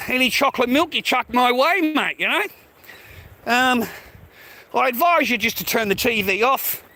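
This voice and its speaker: A man's voice: high-pitched, sharp tone, a little hiss or hum. An Australian man ranting to his livestream viewers, swearing constantly and calling them mate. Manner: profane, repetitive, addresses viewers as mate. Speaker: live streamer. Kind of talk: rambling livestream rant.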